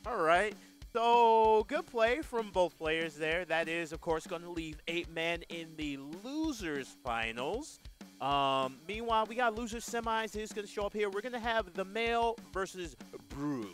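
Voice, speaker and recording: Hyped dude commentating esports, voice bouncing all over, jokey, loud music underneath. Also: male voice, high-pitched, lively intonation, a little slow. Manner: hyped, joking, loud exclamations. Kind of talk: live tournament commentary.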